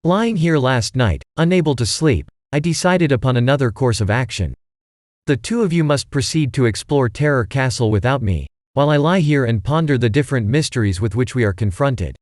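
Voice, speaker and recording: A man's voice: medium pitch, animated, a little fast, darkish tone, dry recording, clean studio sound, natural voice. A man doing a stiffly formal teen detective. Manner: precise, stiff, formal wording. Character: formal, bookish teenage boy detective.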